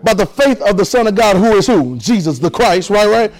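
A man's voice: high-pitched, expressive, a little fast, poor audio. A man preaching a sermon, repeating phrases and leading his congregation in call and response.

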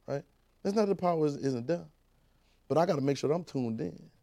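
Preacher man shifting into loud calls. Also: on the high side, lively intonation, quick pace, creaky. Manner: conversational preaching that swells into shouting, repeats phrases. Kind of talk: sermon.

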